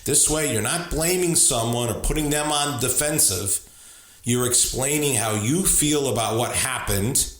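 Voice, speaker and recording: A man's voice: mid-range voice, a little slow, a bit bright. A man giving an earnest, conversational teaching talk, often repeating words and restarting his sentences. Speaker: speaker on leadership and relationships. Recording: roomy echo.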